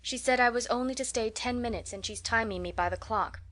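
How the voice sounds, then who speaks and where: Brief: tearful young girl friend, put on by a woman narrator, lifted pitch. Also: fairly quick, a bit bright, lightly acted. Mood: mournful. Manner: mournful and earnest.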